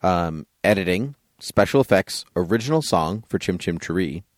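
This is a man hosting a casual podcast. His voice sits very low, and he laughs often while lightly teasing his co-host. The sound is dry and close, with no room echo. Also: expressive, normal speed. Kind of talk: casual chat.

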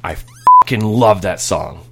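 A man's voice: medium pitch, big pitch swings, normal speed, creaky, very noisy, voice pushed up. A man imitating his eager, sly seven-year-old son while retelling a story. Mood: eager kid.

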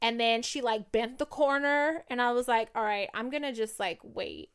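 Young woman, podcast co-host, high voice, smooth clear tone, animated slangy storytelling, casual chat. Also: normal speed.

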